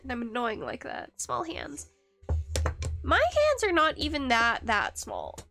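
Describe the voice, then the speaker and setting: A woman's voice: high voice, huge pitch swings, unhurried, gravelly, sharp tone, soft background music. A woman streaming live while she carves rings, talking in a rambling, self-deprecating way with many fillers and restarts. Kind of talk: casual live-stream chat while woodcarving.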